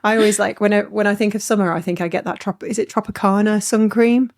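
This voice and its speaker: A woman's voice: mid-range voice, steady tone, quick pace. A woman hosting a podcast, chatting casually and teasing her guest with frequent laughter. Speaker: podcast host. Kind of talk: casual interview chat.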